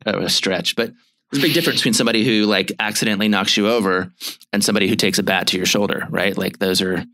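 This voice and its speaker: A man's voice: fairly low pitch, fairly even intonation, fast talker, pushed and bright, no echo. A man in his thirties, a marriage therapist co-hosting a podcast, explaining ideas in a thoughtful, casual way. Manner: thoughtful, explanatory, with frequent fillers and restarts. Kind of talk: casual chat about relationships.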